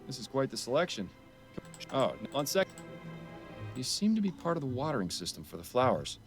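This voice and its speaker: A man's voice: mid-range voice, sing-song, over music, lightly acted. A man voicing a dry, serious detective. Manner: dry, measured, formal. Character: serious, to-the-point male detective. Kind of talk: voiced game dialogue.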